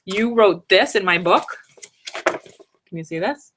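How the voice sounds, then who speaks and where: A woman's voice: medium pitch, slow, noisy background. A woman in her thirties chatting casually to her viewers from home, rambling through tips with joking asides. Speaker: vlogger giving conference tips. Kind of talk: casual live-stream chat. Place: home, third floor room.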